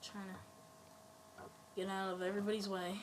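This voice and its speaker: A woman's voice: medium pitch, flat delivery, measured pace, noisy background. A woman giving casual let's-play commentary, rambling playfully and talking at other players. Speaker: gameplay commentator.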